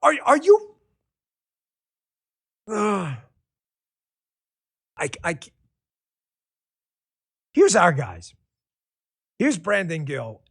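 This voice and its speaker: Loud passionate New man ranting. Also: high-pitched, sing-song, very slow, creaky, pauses often, breathy edge. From Queens, New York. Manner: loud, passionate, profane, sarcastic. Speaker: political talk show host. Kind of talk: heated political commentary.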